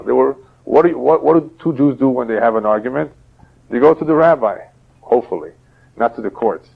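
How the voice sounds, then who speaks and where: A man, a rabbi, giving a religious lecture and teaching through parables in a steady, explaining way. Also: medium pitch, fairly quick, creaky, husky. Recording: dull lo-fi older audio.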